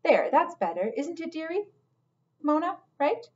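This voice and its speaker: A woman's voice: high-pitched, very animated, unhurried, a little mellow, muffled recording, voice pushed up. Woman doing a doting porcupine cook. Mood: fussing. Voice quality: doting, calls everyone dear. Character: plump fussing motherly female porcupine cook.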